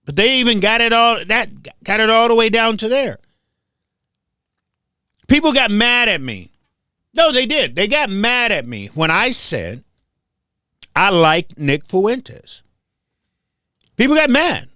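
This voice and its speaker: A high-voiced man from Memphis hosts his own show, talking in a heated, confrontational monologue. His pitch swings widely as he repeats his points for emphasis. The sound is dry and close. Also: very animated, slow, long pauses, sharp tone, clear, resonant tone, no room sound. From Memphis, southern US. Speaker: host.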